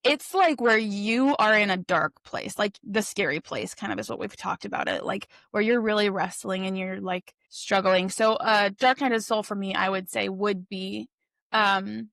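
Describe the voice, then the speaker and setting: A woman's voice: medium pitch, normal speed, gravelly, a bit bright, no room sound. A young woman co-hosting a podcast, speaking reflectively and asking questions, with many fillers. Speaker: podcast co-host. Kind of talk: casual conversation.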